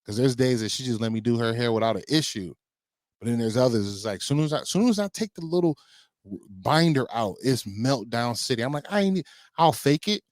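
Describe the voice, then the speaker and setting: Fast-talking guy ranting on a call. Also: medium pitch, darkish tone, dry recording, studio quality. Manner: quick, self-deprecating ranting. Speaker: podcast co-host. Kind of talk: casual chat. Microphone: remote call.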